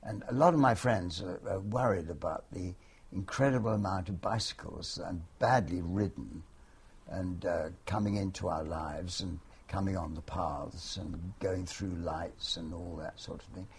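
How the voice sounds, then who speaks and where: A man's voice: low voice, moderate pace, creaky, a little hiss or hum. A man in his eighties from London, a veteran actor answering interview questions in a wry, hesitant way with many restarts. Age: 80s.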